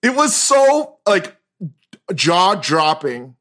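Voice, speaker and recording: A middle-aged man hosting a casual podcast chat, telling stories with lively acted-out quotes and frequent laughs. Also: high voice, drawn-out words. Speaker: podcast host.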